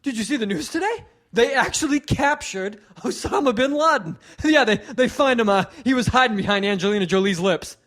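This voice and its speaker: A man imitating a corny, pushy male warm-up comedian, telling hammy jokes. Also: extremely high pitch, animated, brisk, few pauses. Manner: loud hammy joke-telling.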